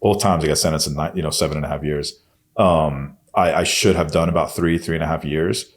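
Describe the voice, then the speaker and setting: As a podcast guest, a man with an extremely low, steady voice speaks briskly while sharing his personal story. The candid retelling is intense and blunt, full of constant swearing.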